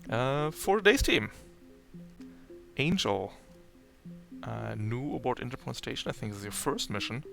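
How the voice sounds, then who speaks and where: A man running an online tabletop game as game master, explaining rules in a relaxed way with filler pauses. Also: medium pitch, creaky, over music.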